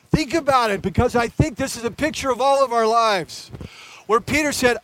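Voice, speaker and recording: A man's voice: very high voice, normal speed, a bit bright, poor audio. A male pastor preaching a sermon in an earnest, conversational way, talking straight to his congregation.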